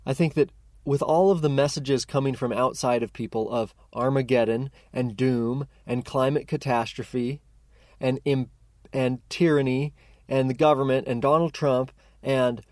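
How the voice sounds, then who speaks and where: A man's voice: mid-range voice, dry recording, clean studio sound. A chatty, personable man from Central Oregon, casually telling a story to his viewers. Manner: chatty, personable, lively retelling. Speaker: paraglide pilot vlogger.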